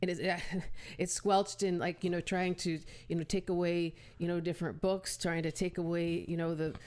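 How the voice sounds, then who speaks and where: A woman's voice: fairly low pitch, level tone, moderate pace, a little mellow, clear, resonant tone. A woman appearing as a podcast guest, speaking earnestly in casual chat and repeating words as she builds her point.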